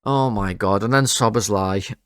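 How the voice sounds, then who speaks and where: A man's voice: lowish voice, normal speed, clean tone, no echo, clean studio sound. A young man hosting a football fan channel, giving player ratings in an exasperated, swearing rant full of restarts.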